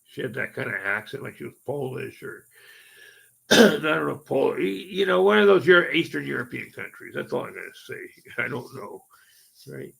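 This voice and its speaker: A man's voice: mid-range voice, sing-song, moderate pace, gravelly, fairly bright tone, husky. A man rambling through a personal ghost story in casual talk, profane and full of fillers like "right?" and "okay?". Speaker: paranormal storyteller.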